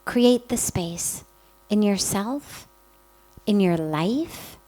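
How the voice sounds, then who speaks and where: A woman spiritual teacher giving a calm, reflective spiritual talk, speaking gently with many pauses. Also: medium pitch, poor audio.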